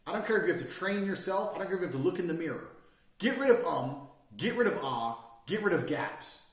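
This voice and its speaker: A man lectures in a forceful, profane way, his voice pitched a little high and swinging widely up and down. He sits back from the mic, and the room around him rings with echo. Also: lively intonation, fairly quick. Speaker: self-improvement speaker. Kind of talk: blunt motivational lecture. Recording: echoey room, mic at a distance.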